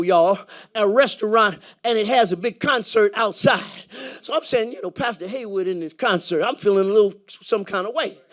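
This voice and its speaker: High-voiced, animated man preaching a story. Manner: lively, laughing storyteller who acts out dialogue and builds to shouted praise. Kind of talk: storytelling sermon. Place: church.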